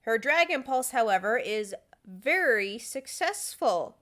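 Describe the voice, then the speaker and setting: A woman running a tabletop game as game master, narrating in a brisk, blunt, teasing way. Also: fairly high pitch, sing-song, fairly bright tone.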